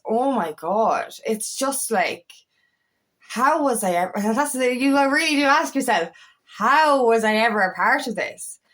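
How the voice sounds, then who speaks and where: A woman empowerment coach talks to camera in a mid-range, fairly bright voice. Her casual spiritual vlog is frank and full of swearing, and she tends to repeat phrases.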